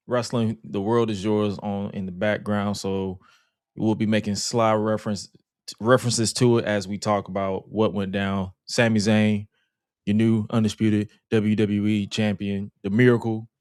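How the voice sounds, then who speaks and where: Low-voiced laid-back podcast host. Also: male voice, fairly even intonation, measured pace, a little mellow, smooth, dry recording, studio quality. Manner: laid-back, joking, laughs often. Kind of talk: casual podcast chat.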